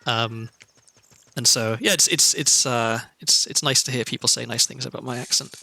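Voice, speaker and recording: A man's voice: medium pitch, fairly even intonation, moderate pace, vocal fry, bright, forceful tone. A man from Wales with a Welsh accent, streaming a video game and chatting casually, rambling into thoughtful asides. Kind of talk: casual gameplay commentary. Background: faint background music.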